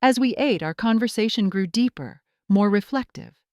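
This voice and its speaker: A woman narrating a first-person drama story in a steady, scripted storytelling delivery. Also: medium pitch, moderate pace, no echo, clean studio sound.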